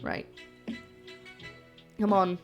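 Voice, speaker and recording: Cooking in her home kitchen, a young woman livestreams and chats casually with viewers, greeting them warmly and tossing in jokes. Her speech is extremely slow, the highs are cut off, and soft music plays underneath.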